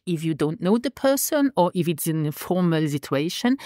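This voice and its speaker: Female language teacher, low but very lively voice, drills each phrase slowly twice, dry close sound. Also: no echo. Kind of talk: slow, clear language lesson.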